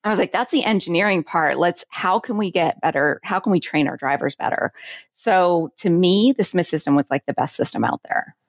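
A woman's voice: lowish voice, fairly quick, no room sound, clean studio sound. A woman in her forties, a safety consultant telling work stories in a chatty interview, with lots of filler words. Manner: chatty, filler-heavy, animated storytelling. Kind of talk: casual interview conversation.

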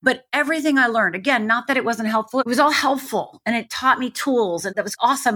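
A woman's voice: on the high side, quick pace, hardly any pauses, bright, forceful tone. A woman guest, a life coach, telling her personal story candidly and vividly, building to emphatic peaks.

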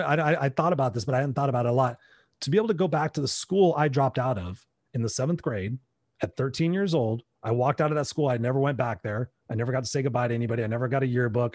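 A man's voice: mid-range voice, darkish tone, dry recording, clean studio sound. A middle-aged American man telling a personal story in conversation, animatedly acting out his own past dialogue. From United States. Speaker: interview guest.

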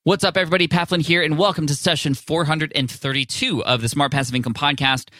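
A man's voice: on the high side, fairly even intonation, fast talker, sharp tone, no echo, studio quality. A man hosting a podcast, reading an ad and introducing a guest in an upbeat, enthusiastic, conversational way. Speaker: podcast host. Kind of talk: casual podcast intro and ad read.

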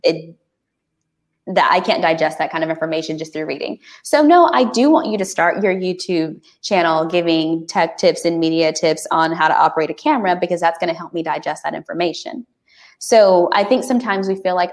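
A woman guest on a podcast, chatting casually and animatedly, with frequent restarts. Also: on the low side. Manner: animated, talks fast with many restarts.

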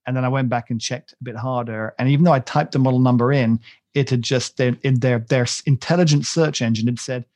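A man's voice: mid-range voice, fairly even intonation, fast talker, a little mellow, no room sound, clean studio sound. A man co-hosting a podcast, chatting casually in a rambling, self-mocking way with many fillers and restarts. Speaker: podcast co-host. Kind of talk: casual chat.

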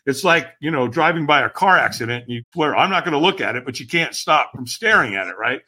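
Animated, bright-voiced man telling a story. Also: medium pitch, quick pace, breathy edge. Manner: lively, dramatic retelling with acted-out quotes. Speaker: podcast guest.

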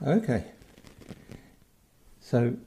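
A man's voice: medium pitch, extremely slow. A man with an Australian accent hosting a show, chatting to listeners and interviewing a guest. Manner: chatty, relaxed, talks straight to listeners. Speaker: podcast host and interviewer. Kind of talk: casual introduction and interview.

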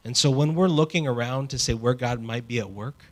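A man preaching a sermon in a conversational, animated way, with casual asides. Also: mid-range voice, a little fast. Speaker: pastor.

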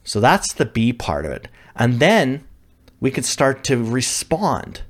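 A man's voice: mid-range voice, huge pitch swings, slow pace. A male leadership coach giving an instructional talk, conversational with frequent fillers and self-corrections.

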